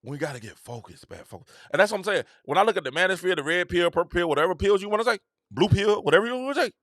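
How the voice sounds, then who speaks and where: A middle-aged man, hosting a casual opinion monologue with an animated, repetitive, preacher-like cadence. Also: high voice, rapid-fire, no room sound, clean studio sound. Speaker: host.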